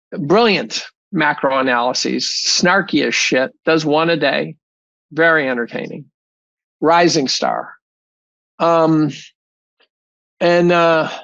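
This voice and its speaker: A gravelly man with a slightly high voice talks through an interview bluntly, swearing and restarting his sentences as he goes. The sound is dull and dry. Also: a bit bright, dry recording. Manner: blunt, profane, rambling with many restarts. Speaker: guest, chemistry professor. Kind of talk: casual interview talk.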